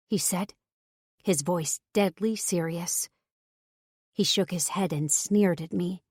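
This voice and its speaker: Woman reading a romance audiobook, lowish voice, steady and expressive, super dry studio sound. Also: unhurried, no echo. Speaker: audiobook narrator. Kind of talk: first-person audiobook narration.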